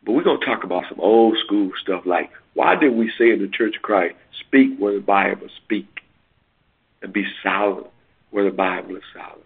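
A man's voice: fairly low pitch, vocal fry, husky. A man preaching and announcing upcoming sermons, then leading a prayer, heard over a phone call. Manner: preacherly, emphatic with drawn-out words. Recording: tinny phone line.

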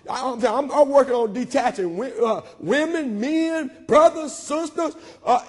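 A man's voice: extremely high pitch, a little mellow. A man preaching a sermon as pastor, repeating lines in call-and-response style. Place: church sanctuary. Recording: long church hall reverb.

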